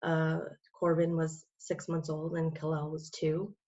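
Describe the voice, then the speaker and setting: Woman guest, low flat voice, rambling testimony full of fillers, dull lo-fi sound. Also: measured pace. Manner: rambling, many fillers and restarts. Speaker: interview guest. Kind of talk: personal testimony in conversation.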